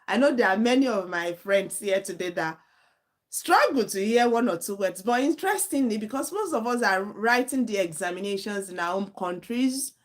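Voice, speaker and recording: A woman's voice: mid-range voice, animated, normal speed. A woman, teaching an IELTS speaking lesson live online in a direct, earnest way, repeating her points for emphasis. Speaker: IELTS tutor.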